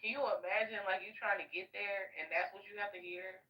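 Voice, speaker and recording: A woman's voice: mid-range voice, steady tone, quick pace, pushed and bright, reverberant, low-quality recording. A woman talking crudely and bluntly in a heated group voice chat.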